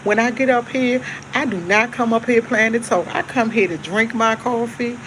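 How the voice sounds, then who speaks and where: A woman's voice: a little high, moderate pace, noisy background. A woman hosting a casual live stream, chatting easygoingly to her viewers and repeating herself. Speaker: livestream host. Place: at home with coffee.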